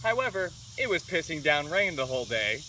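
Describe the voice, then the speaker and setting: A man's voice: fairly high pitch, very animated, a little fast, pushed and bright. A man vlogging a fitness challenge on a farm, talking in a playful, upbeat and jokey way. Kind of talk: casual to-camera vlog. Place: outdoors on a farm. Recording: distant outdoor mic with faint rural noise.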